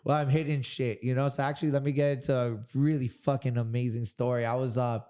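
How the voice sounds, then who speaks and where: A man in his thirties from Miami, talking as a guest in a casual interview. His voice is smooth and resonant, and he tells stories in an animated, swearing way at a middle pitch. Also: quick pace. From Miami, Florida. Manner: animated, profane storyteller. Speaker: guest kickboxer.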